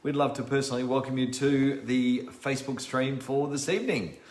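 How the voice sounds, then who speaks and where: A man's voice: medium pitch, a little fast, a little mellow. An Australian man co-hosting a casual livestream, chatting and reading out viewer greetings. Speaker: co-host. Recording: roomy echo.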